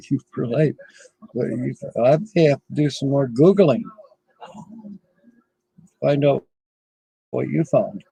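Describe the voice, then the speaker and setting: A man's voice: mid-range voice, slow pace, creaky, pauses often, dark tone, husky, no echo, poor audio. A middle-aged man hosting a casual livestream from his RV, rambling and chuckling often as he chats with viewers. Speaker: livestream host.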